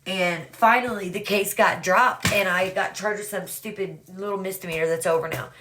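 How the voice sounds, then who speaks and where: A woman's voice: mid-range voice, steady tone, moderate pace, background noise. A woman casually telling her own story to viewers, rambling and swearing freely, often calling out "you guys".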